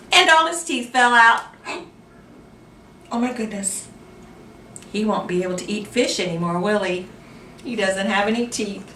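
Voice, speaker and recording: A woman's voice: medium pitch, echoey room, far from the mic, a little hiss or hum. A woman librarian reading a picture book aloud for children, stopping to ask listeners questions. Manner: animated, asks listeners questions. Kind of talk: children's storytime read-aloud.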